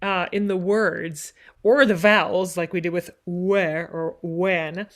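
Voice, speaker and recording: A woman voice teacher with a lowish voice coaches a singer in a masterclass, speaking slowly in a steady tone. She is encouraging and demonstrative, and now and then she speaks the text with dramatic phrasing.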